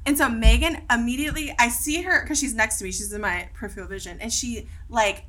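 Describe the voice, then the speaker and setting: A woman guest on a podcast, telling stories in an animated way and laughing often. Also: a little high, fast talker. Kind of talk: casual podcast chat.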